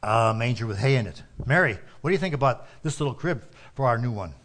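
A man voicing a gentle, weary young father in a spoken story, talking in a mild, kindly way. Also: medium pitch, lively intonation, fast, natural voice.

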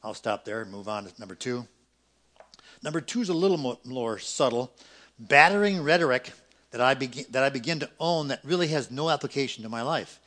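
A middle-aged pastor preaching a sermon, swinging between loud emphatic peaks and quiet, quick asides. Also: male voice, medium pitch, lively intonation.

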